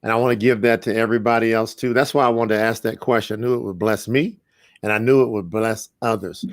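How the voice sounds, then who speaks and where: A man's voice: lowish voice, steady tone, quick pace, no room sound. Motivational male host, dry close sound. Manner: enthusiastic, motivational, reads viewer comments aloud. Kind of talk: live-streamed interview wrap-up.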